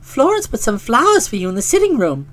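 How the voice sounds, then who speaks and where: Lady doing a squeaky eager scout kid in an audiobook, keeps pushing first aid, bouncy voice. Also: wildly swooping pitch, brisk, fairly bright tone. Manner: earnest, persistent, cheerfully pushy. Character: eager meddlesome small boy scout. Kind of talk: audiobook character voice.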